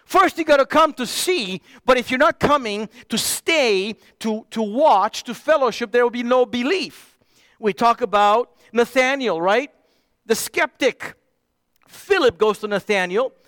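High-voiced pastor preaching with passion. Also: male voice, a little slow, clean tone, no room sound, studio quality. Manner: impassioned, drops to a hush for emphasis. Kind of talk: sermon.

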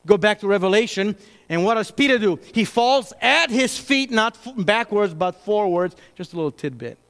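A high-pitched male preacher delivering a sermon with dramatic pauses and sudden hushed drops. His voice carries a long reverb, as if recorded in a large hall. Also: clear, resonant tone.

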